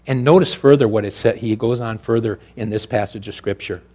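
Slightly quick in pace, a male pastor preaches with sharp swings between raised volume and low, intimate tones.

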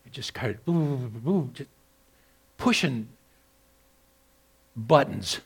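A man preaching a sermon as a pastor, moving between loud, emphatic exhortation and quieter personal storytelling with repeated words. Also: mid-range voice, expressive, slow, creaky, slightly rough. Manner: repeats and restarts words when telling a story.

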